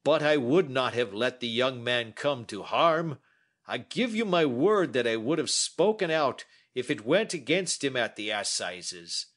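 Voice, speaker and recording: A man voicing an aging, remorseful man who talks in a slow, heavy, pleading way. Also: mid-range voice, expressive, a bit bright, pitched above the performer's own voice.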